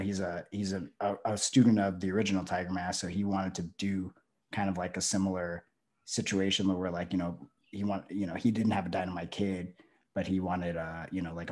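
A man's voice: low-pitched, a little mellow. A male pro wrestler talking casually as an interview guest, rambling with lots of fillers and restarts.

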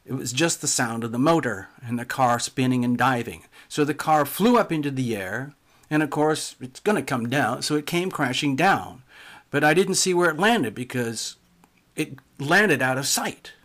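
A man telling a spooky first-person story in a calm, measured way, often trailing off softly. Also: mid-range voice.

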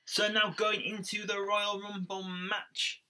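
A young man co-hosts a wrestling podcast, casually reviewing matches in rambling chat full of fillers and restarts. His voice sits high, with a level, bright, forceful tone and a slow pace.

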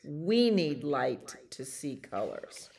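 A woman librarian reading a bedtime picture book aloud to children, gently and animatedly. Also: low voice, sing-song, slow pace, creaky, a little hiss or hum.

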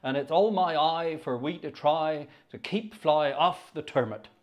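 A man voicing a cheerful rustic farmhand in a put-on Wiltshire accent, reciting in a slow, sing-song drawl. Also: a little high, lo-fi sound, natural voice. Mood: cheery drawl. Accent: put-on Wiltshire rural. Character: rustic male West Country turnip farmhand, cheerful.

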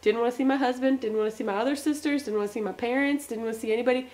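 A woman's voice: a little high, very fast. A young woman vlogging in a chatty, rambling way, acting out little scenes as she tells them. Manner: chatty, rambling, animated retelling. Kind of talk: casual chat.

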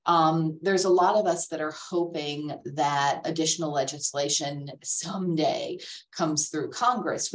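Low voiced woman presenting on a video call, voice wearing out, lots of ums. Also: distant mic, rough recording. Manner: explanatory, steady lecturing with many ums. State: losing her voice after illness. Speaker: speaker on art law. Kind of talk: webinar presentation.

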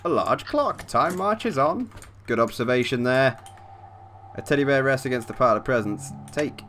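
A man records let's play commentary on a horror game using a desk mic with facecam. His medium-pitched voice is expressive and fairly bright at a normal speed; he reads the game text aloud, swears often, and jumps at the scares.

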